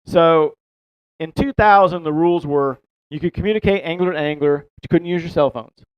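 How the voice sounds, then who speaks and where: A man's voice: on the high side, brisk, clear, resonant tone, dry recording. A man telling a long fishing story in a casual, rambling way, laughing and swearing as he goes. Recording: dull, dry close-mic sound.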